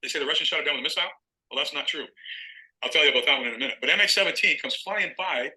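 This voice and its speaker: A man's voice: a little high, very fast, pushed and bright, poor audio. A middle-aged man telling a long story in an interview as a guest author, acting out phone calls as he goes.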